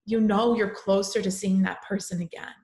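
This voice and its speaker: A young woman hosting a live conversation, speaking softly and reading poems aloud in a slow, tender way. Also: medium pitch, steady tone. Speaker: host. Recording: echoey room.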